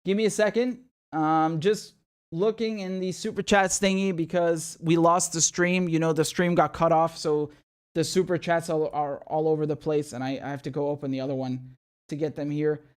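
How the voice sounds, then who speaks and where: A man's voice: a little high, fairly even intonation, moderate pace, clean tone. A man hosting a casual livestream, talking in a rambling, chatty way with many restarts. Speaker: livestream host.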